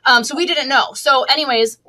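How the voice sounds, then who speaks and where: A woman's voice: high voice, brisk, bright, forceful tone. A middle-aged woman, an online seller, talking casually as an interview guest with a chatty, laughing manner and many restarts.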